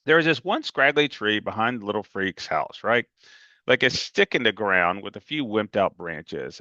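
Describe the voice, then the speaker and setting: A man's voice: lowish voice, pushed and bright, dry recording, muffled recording. A man reading a novel aloud in a casual, emphatic first-person storytelling manner. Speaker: reader.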